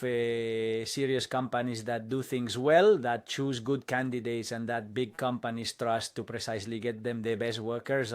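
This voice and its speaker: A man's voice: mid-range voice, no echo. A man talking as a football commentator in a dubbed opinion monologue, rambling with many fillers and restarts and rising to indignant bursts.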